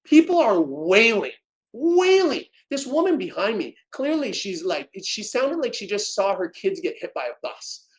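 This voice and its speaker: A man's voice: high-pitched, normal speed, few pauses, rough recording. Podcast guest, male, emotional storyteller, dramatic delivery with big swings in volume. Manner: animated, dramatic, swings loud and soft.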